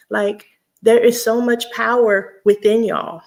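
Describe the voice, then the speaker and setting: A woman's voice: mid-range voice, fairly even intonation, moderate pace, creaky. A woman from Houston, chatting casually to her viewers and laughing often. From Houston, Texas. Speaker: vlogger.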